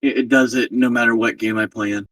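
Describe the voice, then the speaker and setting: A man playing in a tabletop game, talking in a jokey, relaxed way. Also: medium pitch, fast talker, no echo, far from the mic, rough recording. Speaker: player.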